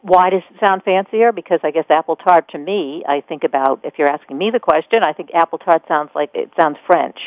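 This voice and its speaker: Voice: mid-range voice, a little fast, few pauses, dry recording, phone-quality sound. Radio host, chatty, rambles into questions, thin phone-band sound, dry. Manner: conversational, thinks aloud with fillers. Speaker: radio talk show host. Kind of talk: radio interview.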